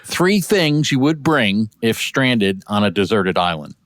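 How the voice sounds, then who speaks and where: Upbeat interviewer, dry sound. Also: male voice, on the low side, sing-song, fairly bright tone, no room sound. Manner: upbeat, quick questions, frequent laughs. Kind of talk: casual interview.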